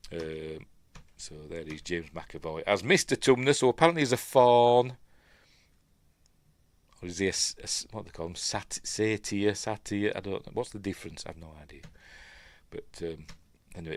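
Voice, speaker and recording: A man's voice: on the low side, dry recording. Rambling Yorkshire man reviewing a film. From Yorkshire, England. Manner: rambling, many ums and self-questions. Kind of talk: casual film breakdown commentary.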